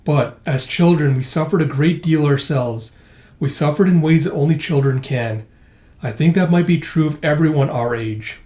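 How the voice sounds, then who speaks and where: A man voicing a calm, polite young woman who speaks in a measured, courteous way. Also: on the high side, roomy sound, close to an everyday voice. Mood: earnest.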